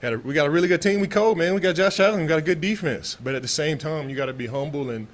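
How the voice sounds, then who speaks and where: A man's voice: on the high side, very fast, a little hiss or hum. Laid-back man from Texas, press talk. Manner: laid-back, loose, repeats and restarts. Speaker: pro football player. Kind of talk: press conference answers.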